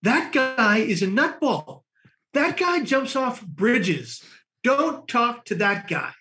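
A man's voice: extremely high pitch, big pitch swings, slow pace, bright, forceful tone, pitched above the performer's own voice, heavily acted. A man voicing a sullen young male patient who talks in an exasperated, complaining way. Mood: annoyed.

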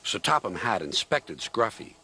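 A man's voice: lowish voice, sing-song, normal speed, pushed and bright, slightly rough. A man narrating a storybook expressively, voicing every part. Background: music.

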